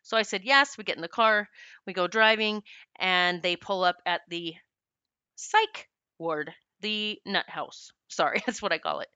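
Woman, middle-aged, personal storytelling, candid, animated, laughs often, smooth voice, dry close sound. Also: medium pitch, no room sound. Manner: acts out quoted voices of herself and others. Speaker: storyteller sharing her life story.

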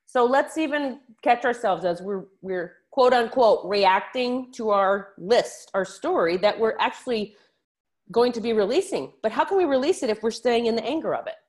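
A woman life coach talking on her own podcast, frank and encouraging, who swears casually and calls her listeners out as a tough-love coach. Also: moderate pace. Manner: frank, swears casually, animated shifts in pitch. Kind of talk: solo podcast coaching talk.

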